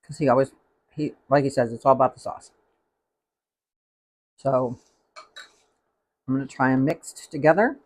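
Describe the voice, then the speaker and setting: A man's voice: medium pitch, steady tone, unhurried, pauses often. A man hosting a live cooking stream, chatting casually and rambling as he tastes the food. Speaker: cooking show host.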